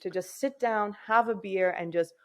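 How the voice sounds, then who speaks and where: A woman's voice: medium pitch, normal speed. A young woman from England, a podcast guest in casual chat, talking candidly with frequent swearing and laughter. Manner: candid, profane, laughs often, acts out her own thoughts.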